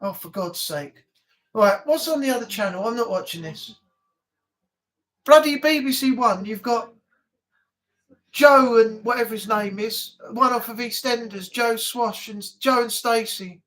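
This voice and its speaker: A man's voice: extremely high pitch, unhurried, fairly bright tone. Chatty man grumbling on stream. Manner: grumbling, chatty, swears casually. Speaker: live stream host. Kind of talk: casual live chat.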